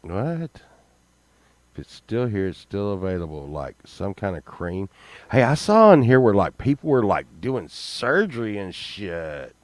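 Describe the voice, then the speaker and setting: An older man doing casual reaction commentary, loudly exclaiming and swearing, then dropping to mutters. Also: lowish voice, sing-song, measured pace, dry recording. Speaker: host.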